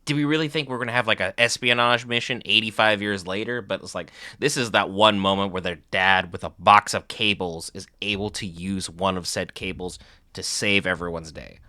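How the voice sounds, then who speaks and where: A man giving a sarcastic, jokey, animated commentary as a reaction video host. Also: on the low side, moderate pace, no room sound, studio quality.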